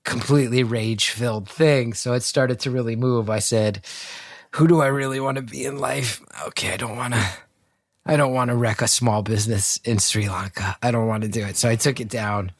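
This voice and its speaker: A man's voice: medium pitch, steady tone, a little fast, no echo, studio quality. A man from North Jersey telling a long, self-deprecating story on a video call, swearing freely and acting out the voices of the people in it. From North Jersey, United States. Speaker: guest storyteller. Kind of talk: casual anecdote told on a video call.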